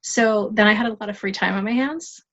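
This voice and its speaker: A woman guest tells stories with lively, self-mocking humor, her pitch sitting in an ordinary middle range. The audio is slightly muffled and lo-fi. She runs through her stories in a chatty, easy podcast manner. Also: fairly quick. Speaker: guest, life coach. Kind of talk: storytelling in a podcast interview.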